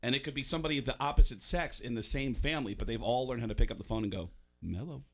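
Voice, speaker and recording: A man who does voice work, chatting on a radio show and telling stories with lively energy. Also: mid-range voice, rapid-fire. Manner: animated storyteller who acts out voices in quotes. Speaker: guest voice actor. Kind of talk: casual radio talk, storytelling.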